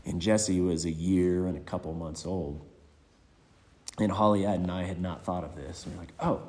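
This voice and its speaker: A man giving a eulogy with personal stories, reflective and hesitant, pausing often. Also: deep voice, fairly even intonation, darkish tone. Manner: reflective and hesitant, many pauses. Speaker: speaker at a memorial. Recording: long hall reverb.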